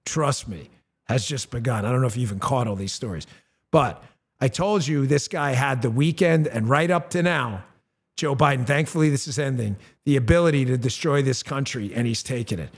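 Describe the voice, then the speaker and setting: A male talk show host with a punchy, blunt delivery who reads his own ads and turns loud and high-pitched when outraged. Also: moderate pace, breathy edge. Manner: conversational, with fillers and restarts. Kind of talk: talk show monologue with ad read.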